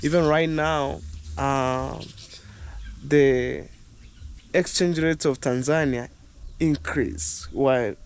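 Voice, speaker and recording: A young Kenyan vlogger with a Kenyan accent chats loosely to his viewers in a village yard outdoors, often dropping in "you know, guys." His medium-pitched voice moves slowly with long pauses, over slight background noise.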